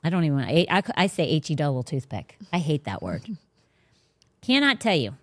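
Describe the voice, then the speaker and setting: A woman's voice: deep voice, very animated, moderate pace, no echo, studio quality. A woman hosting a faith podcast, talking casually but bluntly and emphatically. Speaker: podcast host.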